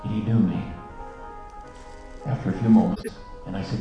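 A man's voice: on the low side, a little fast. Earnest male storyteller in echoey hall. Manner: earnest storyteller, softening to a hush at emotional peaks. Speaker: speaker. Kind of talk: storytelling sermon. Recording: dull echoey hall with music.

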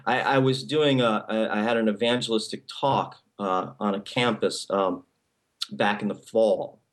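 A man's voice: lowish voice, steady tone, unhurried. A male pastor giving a sermon in a conversational style, with many restarts and frequent "okay?" check-ins to the congregation.

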